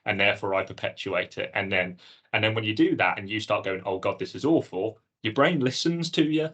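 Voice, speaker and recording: A man co-hosting a podcast, telling his own experience in an earnest, animated way. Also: lowish voice, fairly quick, muffled recording. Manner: earnest, animated storytelling with acted-out inner dialogue. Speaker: podcast co-host. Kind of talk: casual chat.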